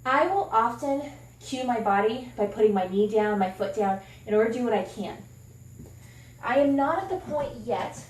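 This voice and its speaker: A woman's voice: a little high, a little mellow, distant mic, a little hiss or hum. A woman fitness coach talking candidly and encouragingly while demonstrating a workout, sometimes slightly out of breath. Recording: echoey room from off-mic.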